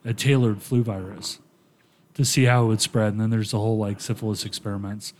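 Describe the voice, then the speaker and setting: A man's voice: fairly low pitch, steady tone, a little fast, darkish tone. Matter-of-fact man with faint background noise. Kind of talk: casual interview.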